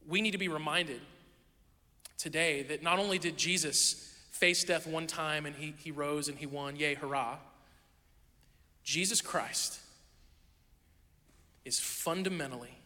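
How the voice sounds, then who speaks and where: High, bright-voiced pastor preaching in a hall. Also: male voice. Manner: conversational storytelling with playful asides. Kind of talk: sermon.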